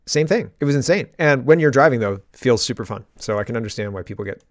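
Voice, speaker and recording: A man's voice: mid-range voice, expressive, fast talker, dry recording, studio quality. A man hosting a political commentary show, talking in a rambling, sarcastic monologue with frequent laughs.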